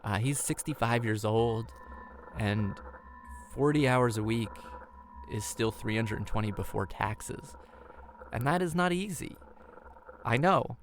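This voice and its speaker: A man in his 20s tells a comic personal story in an unhurried, rambling, self-deprecating way, with long pauses and many restarts. His voice jumps high when he acts out his own panic, over slight background noise.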